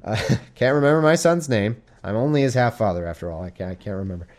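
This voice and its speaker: A man's voice: fairly low pitch, expressive, fast talker, a little mellow, natural voice. A man voicing an exasperated ancient male king who talks in blunt modern slang, casual and fatalistic. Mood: scheming.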